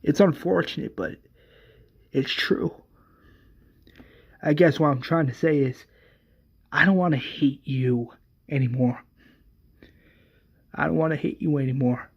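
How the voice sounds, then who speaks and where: A man doing a hushed husband's tender plea. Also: a little high, unhurried, creaky, long pauses, husky, highs cut off, exaggerated voice. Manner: soft, hushed, partly whispered. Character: grown man quietly forgiving his wife.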